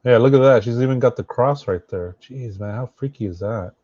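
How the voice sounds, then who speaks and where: A man doing casual live commentary as a streamer, thinking aloud and halting with fillers and restarts. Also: medium pitch, dark tone, no room sound, dull audio. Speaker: streamer reacting to social media posts.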